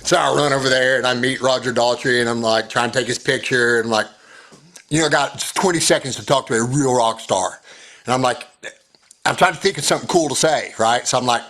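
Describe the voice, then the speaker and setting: An animated man telling a story on a video call in a songwriting circle. He acts out each quote as he goes, in an easy casual way. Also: mid-range voice, brisk.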